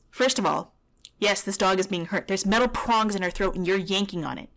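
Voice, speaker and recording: A woman's voice: mid-range voice, fairly even intonation, a little fast, fairly bright tone. A woman dog trainer giving blunt, heated reaction commentary over a video, swearing at times.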